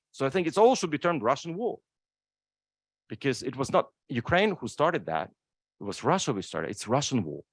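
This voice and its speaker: Male panelist, animated delivery, dry close sound, emphatic and emotional. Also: medium pitch, no room sound. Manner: emphatic, repeats "right?" often. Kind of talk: impassioned panel talk. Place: lecture room.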